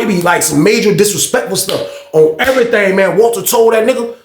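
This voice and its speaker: Storyteller: a high-voiced, gravelly man, lively and profane, in a roomy space. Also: fairly quick, slight background noise. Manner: animated, profane, laughs often. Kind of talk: casual storytelling.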